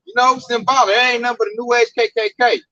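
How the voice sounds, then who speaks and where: A man's voice: very high-pitched, level tone, fast, sharp tone, dry recording, muffled recording. A man teaching scripture in a casual street-preaching style, blunt and emphatic with lots of slang. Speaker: Bible teacher.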